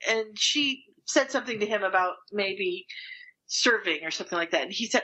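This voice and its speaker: A woman co-hosting a podcast, telling an animated anecdote in casual chat. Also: medium pitch, normal speed, poor audio. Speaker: podcast co-host.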